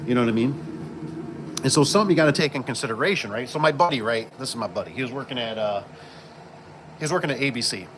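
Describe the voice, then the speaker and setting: A man who installs garage doors chats and rambles with plenty of fillers while working with tools on site for a casual vlog. He talks fast in an animated, slightly bright medium-pitched voice, broken by long pauses. Vehicles and work-site sounds are audible.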